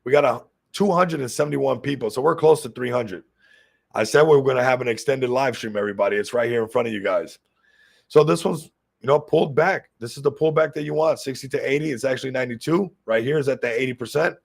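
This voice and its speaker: Crypto stream guy, kinda gravelly fry in his voice, mid pitch, gets all excited and talks right at chat. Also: fast talker. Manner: excitable, hyped, keeps addressing the viewers. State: a little sick. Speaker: crypto livestream host. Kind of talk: casual livestream commentary.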